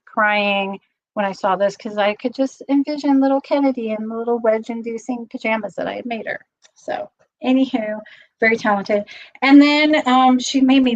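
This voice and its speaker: A woman's voice: on the high side, highs cut off. A middle-aged woman hosting a casual live stream, chatty and rambling, getting teary as she talks. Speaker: channel host.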